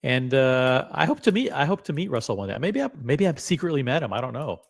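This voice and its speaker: A middle-aged man hosting a live stream, excitable and rambling, with many fillers and some swearing. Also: medium pitch, fairly quick, gravelly. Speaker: host. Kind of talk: casual live-stream chat.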